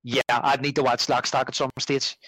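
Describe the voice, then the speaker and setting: A man talks casually about films as a podcast guest. His voice is bright and forceful, and the sound is dry and close. He rambles, restarts and corrects himself as he goes. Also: mid-range voice, flat delivery, moderate pace, breathy edge, no echo, poor audio. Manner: rambling, self-correcting, conversational. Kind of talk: casual chat.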